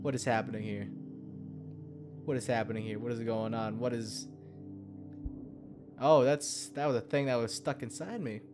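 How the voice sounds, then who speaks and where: A young man talking his way through a video game, swearing freely and muttering under his breath. His pitch sits in the middle for a man. Faint music plays behind his voice. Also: steady tone, moderate pace, long pauses. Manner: swears a lot, mutters to himself, sudden yelps of alarm. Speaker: gameplay commentator. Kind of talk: profane let's-play commentary.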